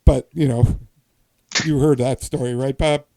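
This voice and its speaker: A man's voice: mid-range voice, steady tone, measured pace, dark tone. A man hosting a podcast in casual chat, telling a hypothetical story with many restarts and asides. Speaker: podcast host.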